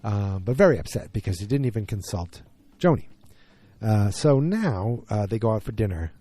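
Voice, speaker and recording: Brief: male podcast host, lower voice, mellow tone, casual rambling recap full of ums. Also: animated, moderate pace, no room sound. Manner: rambling, many fillers and restarts. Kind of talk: casual solo episode recap.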